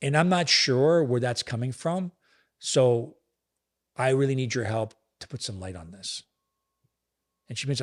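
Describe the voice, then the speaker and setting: A man's voice: medium pitch, moderate pace. Earnest man coaching on relationships. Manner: earnest, coaching tone, acts out dialogue. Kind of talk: podcast conversation on relationships.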